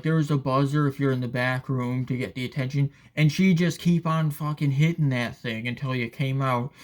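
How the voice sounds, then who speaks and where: A man giving a casual, profane, sarcastic rant as commentator, often asking "all right?". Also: medium pitch.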